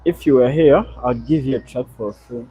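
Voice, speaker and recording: A young man talks loosely on his live stream, with a husky, slightly breathy voice. He rambles and answers viewers' comments in an easy, unhurried manner. His voice sits at a middling pitch. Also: mellow, rough recording. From Uganda. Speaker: livestream host. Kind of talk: casual live stream chat.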